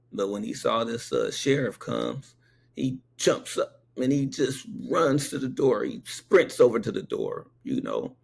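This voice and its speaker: A paramedic tells a personal anecdote with emphasis, dotting his points with rhetorical checks on the listener. His voice is mid-range with vocal fry.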